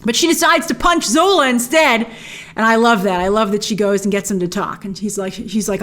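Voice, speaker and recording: Woman host gushing thru a cartoon episode recap, kinda high voice, quotes the characters for fun. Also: a little fast, a bit bright. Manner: enthusiastic, narrating scenes with playful quotes. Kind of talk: episode breakdown commentary.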